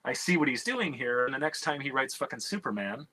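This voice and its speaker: Bright-voiced guy rambling a story, swears a lot, lots of restarts, dry close sound. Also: medium pitch, brisk, no room sound, low-quality recording. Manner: animated, profane, many restarts. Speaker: screenwriter and comic writer. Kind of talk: candid conversational storytelling.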